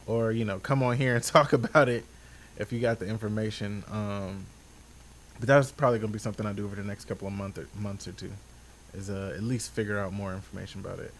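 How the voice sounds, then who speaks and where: A man co-hosting a podcast in casual chat, relaxed and hesitant, with many fillers and restarts. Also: fairly low pitch, quick pace. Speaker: podcast co-host.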